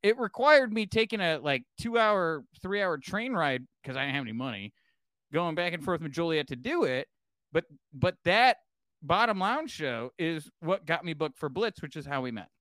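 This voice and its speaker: A man's voice: lively intonation, normal speed, a bit bright, no echo, clean studio sound. A young man, a podcast guest, telling a story with lots of cursing and acted-out quotes. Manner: swings pitch widely acting out quotes, curses freely. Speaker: podcast guest, former wrestling manager. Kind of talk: animated storytelling.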